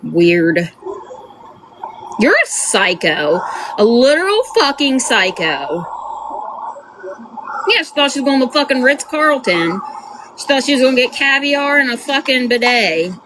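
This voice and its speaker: High lively woman mocking a clip. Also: measured pace, pauses often, background noise. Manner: teasing, roasting, exaggerated squeals. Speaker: streamer reacting to a clip. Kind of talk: mocking reaction commentary.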